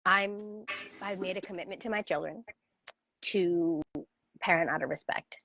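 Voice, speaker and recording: A woman in her thirties, a parenting coach, talking casually as an interview guest and telling animated stories. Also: fairly low pitch, unhurried. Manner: animated storyteller, laughs often, acts out voices. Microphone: video call. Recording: dry, dull video-call audio.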